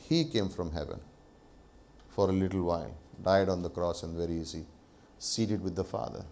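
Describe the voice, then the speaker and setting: Pastor asking and answering questions. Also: male voice, on the low side, a little mellow. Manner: asks the congregation rhetorical questions and answers them; laughs lightly between points. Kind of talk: sermon. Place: church.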